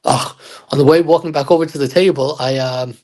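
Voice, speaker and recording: Rambling through a personal anecdote as a podcast guest, a man acts out quoted dialogue and leans heavily on "uh" and "like." He speaks a little fast, at medium pitch, with fairly even intonation and a slightly mellow tone.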